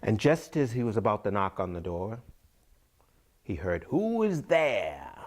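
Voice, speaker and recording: A storyteller with a fairly low, expressive voice tells a folk tale to his listeners. He draws out his phrases, repeats words, and sometimes drops to a whisper.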